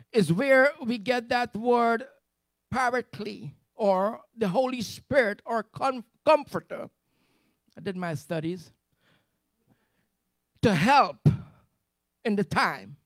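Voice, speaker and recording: A man preaching a fervent sermon to his church, building to loud repeated refrains. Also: high-pitched, lively intonation, slow pace, long pauses, no echo. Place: church service.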